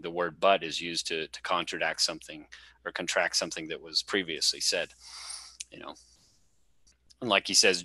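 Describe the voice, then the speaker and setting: A low-pitched man hosts a casual late-night chat, talking loosely with lots of fillers and restarts. His tone is bright and forceful. The recording is dry and close. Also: no room sound, low-quality recording. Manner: rambling, many fillers and restarts. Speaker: podcast host.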